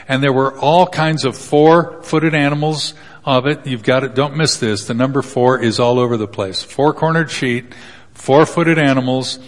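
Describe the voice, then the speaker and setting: A man preaching a sermon, loose and joking as he walks through a Bible passage and slips into quick character voices. His voice sits at an ordinary middle pitch. It rings out with a long reverb, as in a big hall. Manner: joking, conversational Bible teaching with acted quotes.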